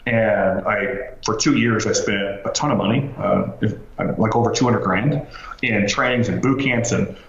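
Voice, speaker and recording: Man, podcast guest, animated storyteller, lots of fillers, roomy echo, slightly dull audio. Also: fairly low pitch, moderate pace. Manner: animated, many fillers and restarts. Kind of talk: casual storytelling interview.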